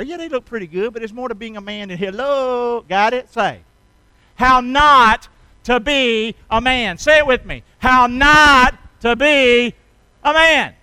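A man's voice: high voice, a bit bright, no echo, poor audio. A man preaching a playful, folksy sermon and drawing responses from the congregation. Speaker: pastor.

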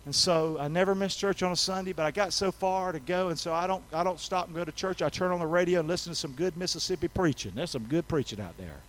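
High-voiced preacher, folksy. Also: male voice, quick pace, few pauses, poor audio. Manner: folksy, call-and-response, swings from soft to shouting. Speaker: pastor. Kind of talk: sermon. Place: church sanctuary.

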